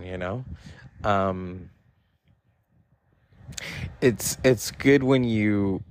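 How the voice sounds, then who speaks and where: A man's voice: lowish voice, gravelly, background noise. A man in his forties hosting a podcast, telling casual personal stories in a rambling, profane way with lots of fillers. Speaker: podcast host.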